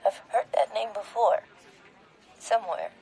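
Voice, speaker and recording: A woman's voice: a little high, unhurried, gravelly, mellow, low-quality recording. An actress playing a grieving woman caller who is crying. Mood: wary. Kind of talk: audio drama acting.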